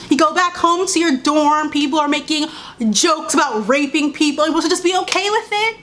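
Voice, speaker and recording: A young woman vlogs to camera in a heated, emphatic rush, hammering her points home by repeating them. Her voice sits a little on the high side. A faint hiss runs under the recording. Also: brisk, a bit bright. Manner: heated and emphatic, with repeated phrases and mocking quotes. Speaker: vlogger. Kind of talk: impassioned commentary to camera.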